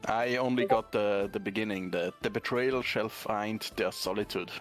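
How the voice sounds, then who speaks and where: A man playing a tabletop game, talking in a relaxed, casual way and laughing often. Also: on the low side, moderate pace, faint music behind. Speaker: player.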